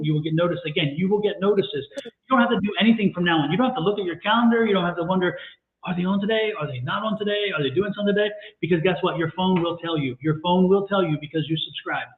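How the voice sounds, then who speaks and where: A man giving live tarot readings on a stream, talking energetically and coaxing viewers with lots of repetition. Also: high voice. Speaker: tarot reader and co-host. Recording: echoey room over a tinny phone-like line.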